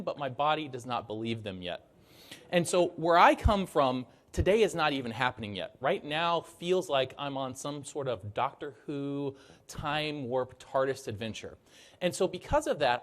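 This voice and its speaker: A man from Arizona gives a conference presentation in an upbeat, joking, emphatic way. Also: fairly high pitch. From Arizona, United States. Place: conference hall stage.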